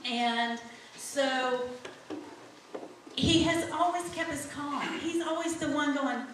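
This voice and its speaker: A woman's voice: high voice, takes it slowly, pauses often, fairly bright tone, slight background noise. A middle-aged woman giving an earnest church testimony, speaking straight to the congregation. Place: church sanctuary. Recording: echoey sanctuary from far off.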